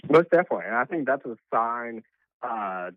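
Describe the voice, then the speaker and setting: A male political commentator calls in over a tinny, phone-like line. He talks quickly and emphatically, with plenty of filler words. The sound is dry and close. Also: mid-range voice, animated, no room sound. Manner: brisk, emphatic, frequent fillers.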